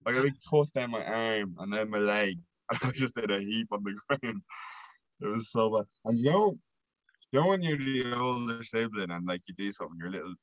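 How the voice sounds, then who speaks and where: A man's voice: on the low side, fairly quick, no echo, poor audio. A young man with an Irish accent, hosting a casual podcast chat, laughing as he tells stories and swearing freely. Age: young adult. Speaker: podcast host.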